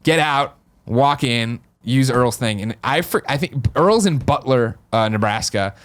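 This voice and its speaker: A man's voice: medium pitch, a little slow. A man from the Midwest hosting a podcast, telling a story in casual chat and acting out the voices of the people in it. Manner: animated, acts out voices of people in his stories. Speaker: podcast host.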